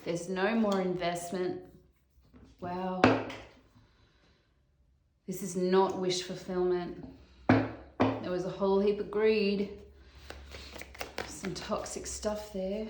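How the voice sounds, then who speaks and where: A woman's voice: mid-range voice, little pitch movement. Musing woman in an echoey room. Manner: slow, musing, thinking aloud with sighs and soft laughs. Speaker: tarot reader. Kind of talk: casual solo tarot reading. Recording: echoey room with clear background noise.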